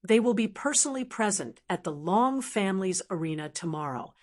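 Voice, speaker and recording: A woman's voice: mid-range voice, lively intonation, a little fast, close to an everyday voice. A woman reading as an anxious younger brother. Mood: urgent. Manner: urgent reporting. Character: anxious male younger brother, clan member.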